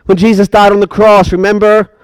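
High-voiced man preaching a sermon. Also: little pitch movement, a little fast, clear, resonant tone, no room sound. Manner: emphatic, asks the congregation rhetorical questions.

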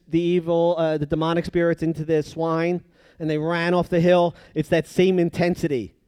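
A man preaching a sermon, moving between loud emphatic passages and hushed, drawn-out phrases. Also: fairly high pitch, clean tone, no echo.

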